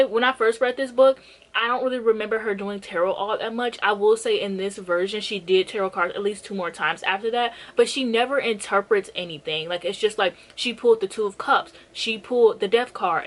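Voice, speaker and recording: A woman's voice: on the high side, fairly quick, rough recording. A young woman giving a casual rant review of a book, blunt and sarcastic and swearing freely.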